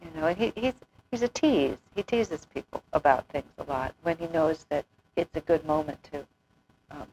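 Speaking in a low, slightly mellow voice, this spiritual teacher tells anecdotes casually, laughing a lot and acting out the quotes she shares. The audio is poor, with a little hiss or hum.

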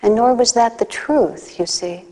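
A woman with a fairly high voice gives a spiritual talk, moving easily between teaching and personal stories. Her delivery is conversational, with playful acted asides. The sound carries a long reverb, as if recorded in a large hall. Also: unhurried, warm tone.

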